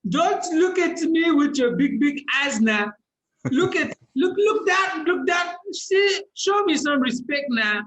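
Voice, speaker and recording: A man putting on a Nigerian accent to play a bossy, loud man who demands respect. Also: lively intonation, reverberant, a little hiss or hum, full character voice. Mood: indignant. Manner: shouting, drawn-out, pitched high.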